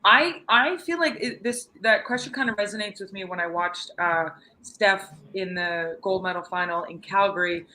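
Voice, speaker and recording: A woman's voice: mid-range voice, normal speed, sharp tone, poor audio. A woman, a retired curler, chatting casually as a guest with many fillers and restarts. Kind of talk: casual video interview.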